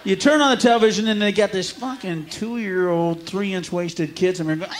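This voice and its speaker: A man's voice: high voice, normal speed. A man from the United States doing a profane, ranting stand-up comedy set on a live stage. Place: live stage before an audience. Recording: live crowd and noise behind.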